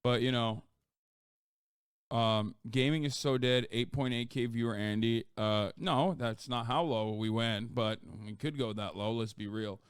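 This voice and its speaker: A man streaming live and chatting casually, rambling and swearing, his pitch leaping up when he gets worked up. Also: fairly even intonation, unhurried, clean tone, no echo, studio quality. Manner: profane, rambling, with sudden loud jumps in pitch.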